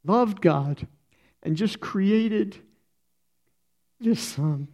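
A middle-aged man giving an informal sermon as a church speaker, talking in a halting, conversational way and often getting emotional. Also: high-pitched, expressive, darkish tone.

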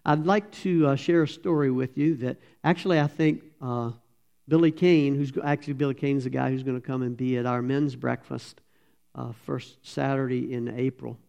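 A man, a pastor telling a sermon story in a folksy, animated way and voicing the characters. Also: mid-range voice, moderate pace, creaky. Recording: slightly dull lo-fi sound.

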